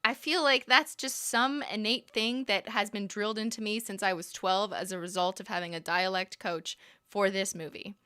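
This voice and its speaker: A woman's voice: mid-range voice, fairly even intonation, moderate pace, sharp tone, clean tone, no room sound, clean studio sound. A young woman hosting a casual livestream, chatty and laughing often, trailing off into restarts. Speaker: livestream host.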